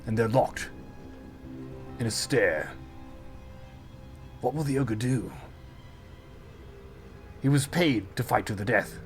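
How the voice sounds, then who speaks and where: A man's voice: medium pitch, slow, long pauses, soft background music. A man game master narrating a tabletop fight dramatically, with spoken sound effects and casual swearing.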